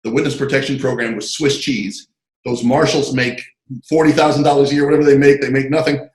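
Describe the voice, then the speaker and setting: Animated storytelling man in a roomy space. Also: mid-range voice, fairly quick. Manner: animated, digressive, full of asides. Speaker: interview guest, screenwriter and comic artist. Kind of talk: casual anecdotal storytelling.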